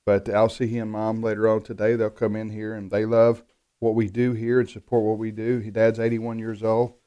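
A middle-aged man talking on a radio talk show, speaking in halting phrases with many restarts. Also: on the low side, monotone, mellow, clean tone, highs cut off. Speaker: radio network executive and guest.

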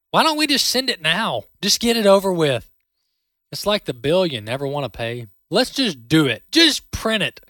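A man hosting a talk show, giving sarcastic, animated political commentary into a close studio mic. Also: high voice, moderate pace, dry recording.

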